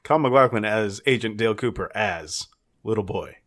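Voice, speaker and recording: A man's voice: lowish voice, a little fast, a bit bright. A man co-hosting a podcast, chatting casually about films in a blunt, teasing way with some swearing. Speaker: podcast co-host. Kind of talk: casual film chat.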